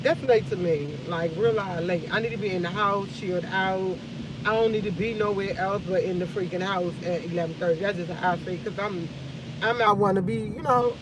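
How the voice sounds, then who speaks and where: A woman's voice: medium pitch, muffled recording, noisy background. A tired woman host on a casual live stream, venting with emphatic repetition and swearing.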